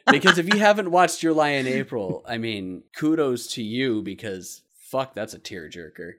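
A man in a relaxed podcast chat, his pitch bouncing up and down. He tells stories with plenty of swearing and frequent laughter. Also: normal speed. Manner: animated, swearing, laughing often. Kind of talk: casual chat.

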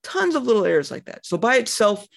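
A man co-hosting a casual podcast, rambling and animated, laughing and swearing as he reviews games. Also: sits high, fast talker, creaky. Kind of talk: casual chat.

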